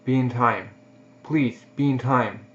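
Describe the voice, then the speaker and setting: A man's voice: mid-range voice, slow pace, a bit bright. A man voicing a tough, urgent female mercenary. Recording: dull lo-fi recording.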